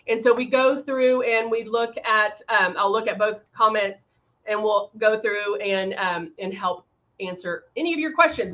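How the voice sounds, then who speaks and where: A woman hosting a live makeup tutorial, chatting casually with viewers and filling pauses with frequent ums. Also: fairly high pitch, pushed and bright, muffled recording. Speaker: makeup livestream host.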